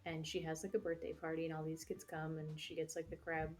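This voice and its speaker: A woman's voice: low voice, monotone, a little fast, darkish tone. A young woman hosting a livestream, chatting casually while she works, rambling with lots of fillers and frequent swearing. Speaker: livestream host. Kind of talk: casual chat while crafting.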